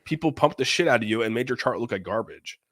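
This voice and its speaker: A man's voice: medium pitch, animated, fast, fairly bright tone, no room sound, studio quality. A man in casual podcast chat, blunt and profane, rambling with lots of restarts.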